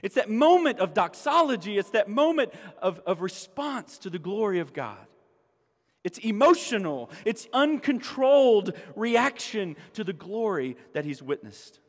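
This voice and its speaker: High-voiced man preaching in a hall. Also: sing-song, unhurried. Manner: emphatic, rising to exclamations and repeating key phrases. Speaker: pastor. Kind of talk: sermon. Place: church sanctuary.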